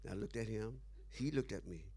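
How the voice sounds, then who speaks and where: A man's voice: on the low side, normal speed, noisy background. A man being interviewed who tells a story with animation, acting out the dialogue and laughing often. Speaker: interview guest.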